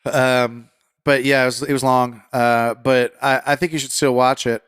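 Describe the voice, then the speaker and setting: A man hosting a political commentary podcast, talking conversationally and getting fired up, then settling into calm reassurance. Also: mid-range voice, normal speed, clean tone, no echo, studio quality. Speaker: podcast host.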